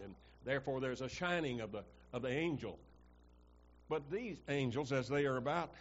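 A man's voice: mid-range voice, highs cut off. A male pastor preaching a sermon in a church, asking the congregation questions and swelling for emphasis.

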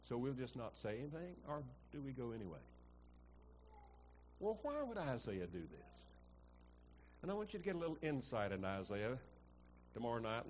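A man's voice: mid-range voice, muffled recording, slight background noise. A male pastor preaching a sermon in a church, asking the congregation questions and swelling for emphasis.

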